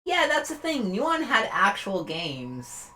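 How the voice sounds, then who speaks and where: Bright, playful woman streaming a game. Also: medium pitch, wildly swooping pitch, measured pace, a little hiss or hum. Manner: giggly, playful. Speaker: streamer playing retro games. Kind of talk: casual let's-play commentary.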